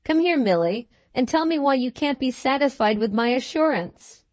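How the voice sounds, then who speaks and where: A woman's voice: sits high, expressive, normal speed, dry recording. A woman voicing a bluff, hearty young husband in a storybook, jovial and teasing. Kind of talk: storybook dialogue.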